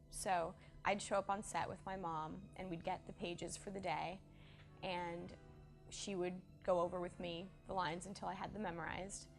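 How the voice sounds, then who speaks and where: A woman's voice: medium pitch, vocal fry. A woman, an actress, recalling time on set earnestly in a documentary interview.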